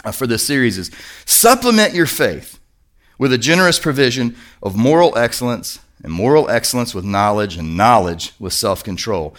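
A man from Kentucky, a pastor, preaching a sermon in a church in a lively, conversational way, asking the congregation questions. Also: lowish voice, brisk, hardly any pauses.

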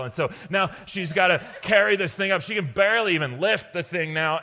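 A man preaching a sermon, telling a story and acting out its characters by dropping low and quiet. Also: in a large hall. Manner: acts out characters in a parable, drops low and quiet for them.

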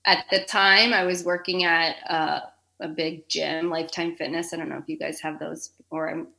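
This is a woman in her thirties speaking as a guest on a podcast. Her voice sits slightly low but has a bright, forceful edge. She talks openly and emotionally, sprinkling in curse words and plenty of "like.". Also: level tone, normal speed, vocal fry. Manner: frank and emotional, swears freely, heavy use of "like". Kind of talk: candid interview conversation.

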